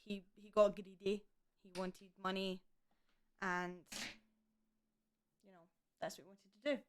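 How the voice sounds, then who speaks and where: A woman's voice: medium pitch, level tone, a little slow. A young woman casually chatting through a true crime case, indignant and swearing freely. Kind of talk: casual chat.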